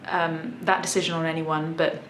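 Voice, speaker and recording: A woman in her thirties with a southern English accent and a fairly low voice chats through a casual vlog. She talks thoughtfully and restarts her sentences here and there. The room gives her voice an echo, with a faint hiss behind it. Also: level tone, moderate pace. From south of England. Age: 30s. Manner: chatty, thoughtful, many small restarts. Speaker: musician vlogger.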